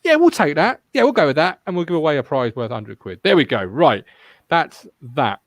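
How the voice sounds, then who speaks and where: A man's voice: fairly high pitch, very animated, fairly quick, fairly bright tone, dry recording. A man hosting a casual football fan podcast, rambling and swearing freely as he chats. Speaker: podcast host.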